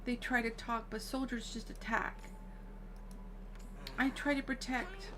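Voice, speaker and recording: A woman voicing a frightened male villager who speaks in halting, broken short phrases in a game. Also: fairly high pitch, steady tone, background noise, pitched above the performer's own voice, natural voice. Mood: shaken.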